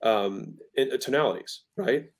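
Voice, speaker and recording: A man's voice: mid-range voice, normal speed. A man as a guest in a casual interview, teaching sales, emphatic and always checking in with "right?". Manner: acts out tones of voice to make points. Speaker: guest entrepreneur.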